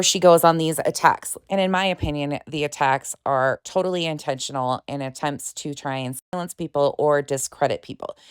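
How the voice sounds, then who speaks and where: A woman's voice: low-pitched, clean tone. A woman hosting a reaction commentary, exasperated and sarcastic as she picks apart claims. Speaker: commentary channel host.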